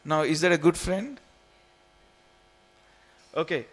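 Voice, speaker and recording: A man's voice: on the high side, takes it slowly. A man in his forties, originally from India, giving an informal, jokey scripture class in a temple hall, repeating phrases and coaxing his listeners. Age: 40s. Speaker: temple speaker.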